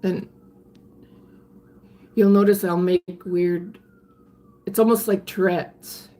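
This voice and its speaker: An older woman, chatting candidly on a live stream and answering viewer comments in a halting way, often restarting her sentences. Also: on the low side, fairly even intonation, mellow. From Canada. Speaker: livestreamer reading viewer comments. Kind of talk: casual live-stream chat.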